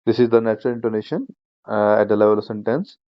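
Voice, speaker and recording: A man's voice: fairly low pitch, fast, no echo, lo-fi sound. Man teaching a speaking class online. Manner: explanatory, repeats points, frequent fillers. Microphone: shared screen video class.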